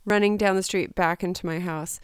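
A chatty woman hosts a podcast, her voice smooth and clear. She tells stories in a self-mocking way, recorded dry and close. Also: lowish voice, fairly even intonation, a little fast, no room sound. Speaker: podcast host. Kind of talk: casual chat.

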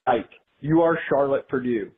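A man calling in to a podcast to set the hosts a playful challenge. The line sounds thin and tinny, and his voice sits at an everyday middle pitch. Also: moderate pace. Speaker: caller. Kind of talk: phoned-in prompt.

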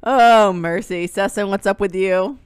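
A woman's voice: medium pitch, measured pace, clean tone, no room sound. A woman hosting a podcast, chatting casually and enthusiastically. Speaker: podcast host. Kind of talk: casual chat.

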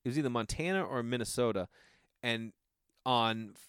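A man voicing a soft-spoken older male film director, who talks briefly and matter-of-factly. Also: medium pitch, moderate pace, smooth, no echo, clean studio sound, lightly acted.

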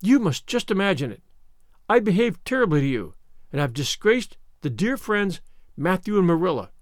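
A man's voice: high-pitched, big pitch swings, moderate pace, dry recording, clean studio sound. A man reading an audiobook, voicing an impulsive, dramatic young orphan girl who pleads earnestly and theatrically. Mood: pleading.

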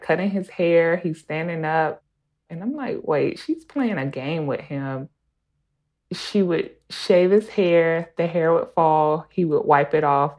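Low-voiced mom in her 30s telling a story casually, chatty. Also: a little mellow. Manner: casual, conversational, laughs while telling. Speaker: storyteller, mother. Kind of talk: recorded personal story.

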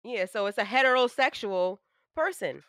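A blunt, profane woman co-hosting a podcast in casual chat, with strong opinions. Her voice is bright and forward. The sound is dry and close. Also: on the high side, expressive, moderate pace, dry recording. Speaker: podcast co-host.

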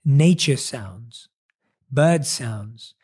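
A man giving an earnest motivational talk, stacking rhetorical questions and slowing down on key words. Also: medium pitch, animated, warm tone, slightly rough. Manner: earnest, repetitive rhetorical questions, speeds up and slows for emphasis. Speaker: motivational speaker.

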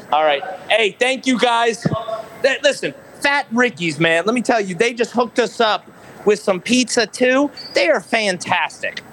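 A man's voice: high-pitched, noisy background. Upbeat man coaching a stranger outdoors. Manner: pushy, upbeat, coaxing. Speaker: podcast co-host doing a street segment.

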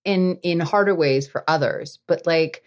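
A woman's voice: low-pitched, unhurried. A woman, an actress appearing as a podcast guest, talking casually and rambling with lots of filler words. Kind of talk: casual interview chat.

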